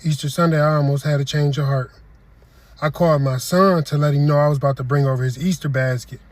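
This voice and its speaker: A young man from Detroit telling a comic story, deadpan, slipping into quoted voices. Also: a little high, fast talker, no echo. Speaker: comedic storyteller. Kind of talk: comedy skit monologue.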